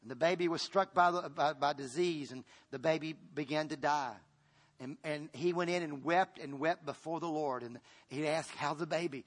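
This sermon comes from a fairly high-voiced man speaking at a moderate pace. Loud, insistent lines give way to hushed ones, and he repeats and restarts phrases, fully in pastor mode.

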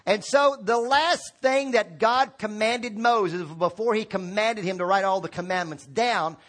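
High-voiced pastor preaching to a congregation. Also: male voice, measured pace, fairly bright tone. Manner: informal, calls on congregation to repeat words. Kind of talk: sermon. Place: church sanctuary.

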